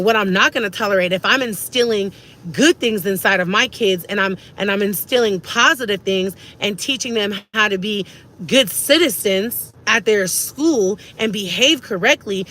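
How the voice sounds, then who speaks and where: A woman's voice: medium pitch, pushed and bright. A woman, ranting emphatically to camera as a vlogger and repeating herself for stress.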